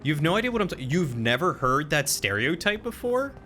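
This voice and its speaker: A man's voice: fairly high pitch, big pitch swings, a little fast, sharp tone, soft background music. A man streaming a game live, chatting casually, reacting to the fight and answering chat. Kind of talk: live gameplay commentary.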